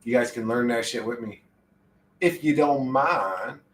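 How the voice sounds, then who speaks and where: A young man streaming live, rambling through loose, profane chatter in a laid-back way. His voice sits at an ordinary middle pitch, heard in an echoey room from a mic set back from him. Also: unhurried, recorded from a distance. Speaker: livestreamer. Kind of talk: casual stream chat.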